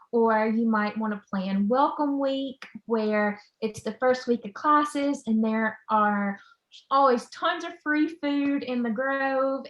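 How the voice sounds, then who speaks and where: An enthusiastic female college admissions counselor presents information over a video call in an upbeat way, dropping frequent "um"s. Her voice sits on the high side, and the audio has its highs cut off, recorded in an echoey room.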